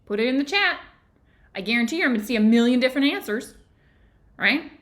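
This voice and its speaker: A woman's voice: high voice, animated, fast. A woman hosting a live book club stream, talking casually and with animation to her viewers in the chat, laughing often. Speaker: book club host and yoga therapy teacher.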